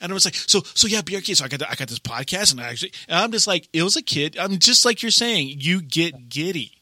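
Bright-voiced storytelling podcast host man. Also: on the high side, fast, dry recording, studio quality. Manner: animated storyteller, acts out quotes. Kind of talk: casual podcast chat.

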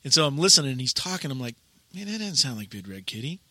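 A middle-aged man hosting a podcast, telling a story in a casual, animated way and acting out the quotes. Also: mid-range voice, fast talker, no echo. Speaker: podcast host.

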